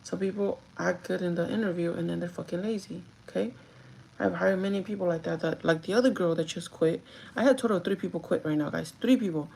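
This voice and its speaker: A woman talks casually to her live viewers while getting ready, speaking to them directly and laughing often. Her voice sits low with a gravelly, fry-heavy edge. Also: fast, darkish tone, rough recording. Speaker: livestreaming vlogger and store manager. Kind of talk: casual chat while doing makeup, reading live chat.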